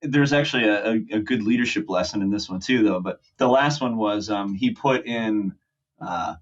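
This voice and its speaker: A man's voice: fairly low pitch, moderate pace. A man in his forties, a podcast guest, telling a long story with fillers and restarts and acting out what people said. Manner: rambling with fillers and restarts, acts out quotes. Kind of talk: casual storytelling. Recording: muffled lo-fi audio.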